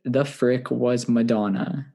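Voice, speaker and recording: A man's voice: mid-range voice, fairly even intonation, slow, vocal fry, warm tone. A young man co-hosting a casual music podcast, chatty and laughing often, with some swearing. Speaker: podcast co-host. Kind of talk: casual chat.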